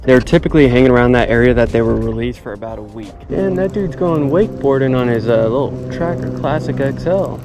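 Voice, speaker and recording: A man talking straight to his viewers in a casual fishing vlog while out on a boat on a lake. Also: mid-range voice. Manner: chatty, talks straight to viewers, says y'all often. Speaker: fishing vlogger. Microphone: action camera on the boat. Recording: outdoor boat noise. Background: boat and water ambience.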